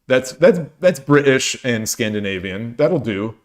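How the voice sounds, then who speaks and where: A man's voice: mid-range voice, expressive, a little slow. A man in his forties, tired, chatting casually with viewers on his stream, rambling with many restarts and joking at his own expense. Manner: rambling, with frequent restarts and self-deprecating jokes. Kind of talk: casual chat while streaming games.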